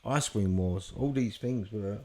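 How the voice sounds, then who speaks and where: A man's voice: on the low side, a little slow, darkish tone. Profane man telling a story. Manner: vivid, profane storyteller who acts out quotes. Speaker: guest. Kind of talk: storytelling in a podcast conversation.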